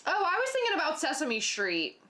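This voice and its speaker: A woman's voice: high-pitched, huge pitch swings, brisk, sharp tone. A woman co-hosting a podcast in casual chat, giving dry, short, teasing replies. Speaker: podcast co-host.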